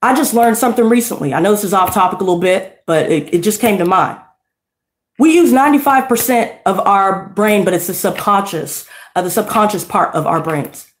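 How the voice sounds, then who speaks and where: A woman with a medium-pitched voice speaks fairly quickly in a roomy-sounding space as she gives a tarot reading. Unscripted and heated, she rants bluntly and swears a lot.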